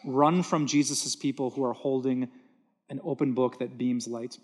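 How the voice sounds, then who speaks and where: A man's voice: mid-range voice, fairly even intonation, normal speed, breathy edge. A man preaching a sermon from a church stage, earnest and emphatic, repeating words for stress. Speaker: pastor.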